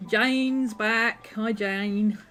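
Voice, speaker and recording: Woman chatting on her craft stream, kinda high voice, greets everyone by name, a little music going quietly behind. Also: fairly even intonation, extremely slow. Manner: soft and coaxing when talking to her dog. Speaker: livestream host. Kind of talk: casual live-stream chat while crafting.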